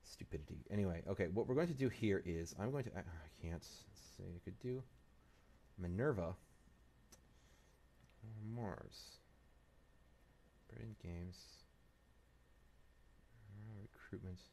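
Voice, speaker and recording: A man's voice: low voice, unhurried, creaky, pauses often, mellow. A man hosting a strategy game playthrough, thinking aloud and muttering to himself and the game as he plays. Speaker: let's play host.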